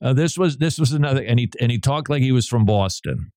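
A man's voice: mid-range voice, animated, fast, darkish tone, dry recording, studio quality. A man hosting a radio talk show, chatting in a loose, digressive way and laughing between remarks. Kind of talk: casual on-air banter.

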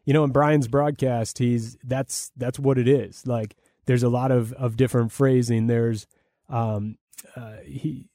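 A man's voice: mid-range voice, fairly even intonation, measured pace, warm tone, no room sound, studio quality. A man, a play-by-play broadcaster, answering interview questions in a rambling, enthusiastic way with many fillers and restarts.

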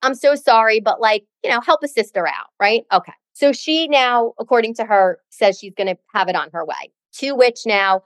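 A woman's voice: fairly high pitch, normal speed, hardly any pauses, no echo. A middle-aged woman co-hosting a podcast, telling a story in a dramatic, sassy, chatty way. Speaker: podcast co-host. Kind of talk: casual chat, storytelling.

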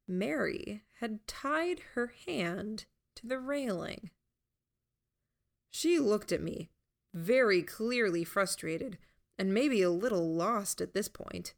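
A woman narrating a first-person audiobook in an unhurried, steady storytelling manner. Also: medium pitch, gravelly.

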